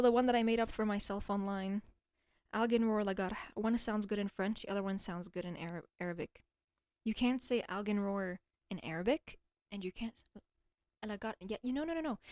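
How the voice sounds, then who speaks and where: A woman's voice: mid-range voice, no echo. A young woman streaming alone, chatting casually and rambling, swearing often and stuttering at times. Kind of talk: casual livestream chat.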